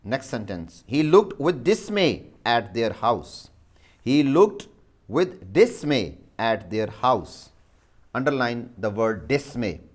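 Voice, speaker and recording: A man's voice: medium pitch, very animated, slow pace. A male teacher with a Pakistani English accent, dictating a vocabulary exercise and spelling words letter by letter.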